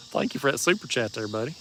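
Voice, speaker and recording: A man with a relaxed East Tennessee Southern drawl talks easily through a fishing livestream, folksy and joking as he answers his viewers. His voice sits in an ordinary middle register. He is recorded outdoors at night, with faint crickets and insects chirping behind him. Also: mid-range voice, a little hiss or hum. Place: outdoors at a marina bank at night.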